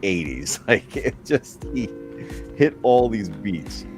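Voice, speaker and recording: A man with a very low, deep voice hosts a casual live stream. He talks in a rambling, nostalgic way, chuckling as he goes. Music plays clearly behind him. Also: very animated, slow, a little mellow. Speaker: stream host. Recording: music playing under the voice.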